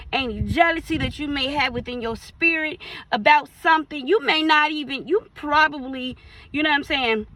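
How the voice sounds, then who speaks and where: Animated bright-voiced woman preaching. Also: high voice, a little hiss or hum, poor audio. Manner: animated, acts out little dialogues in playful voices. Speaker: minister. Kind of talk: casual preaching.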